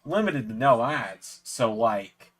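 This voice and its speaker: Tipsy man rambling with lively pitch. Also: slow. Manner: rambling, swears a lot. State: tipsy from drinking. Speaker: stream host. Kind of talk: casual live watch-along commentary.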